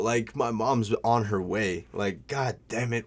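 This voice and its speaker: A man's voice: medium pitch, a little slow, a little hiss or hum. A young man telling a story in a casual vlog, rambling and slangy, full of "like" and "bro", swearing freely.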